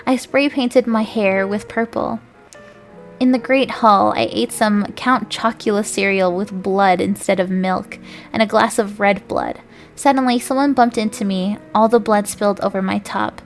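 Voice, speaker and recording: Young woman streamer, comic dramatic read-aloud, asides, faint music bed. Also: medium pitch. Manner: laughing asides, stumbling on names. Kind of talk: comedic dramatic reading aloud.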